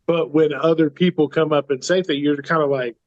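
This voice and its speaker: A man co-hosting a podcast, asking gentle, empathetic questions and hedging often with "kind of". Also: a little high, fairly even intonation, a little fast, no echo. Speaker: podcast co-host. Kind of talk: conversational podcast chat. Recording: dull dry remote mic.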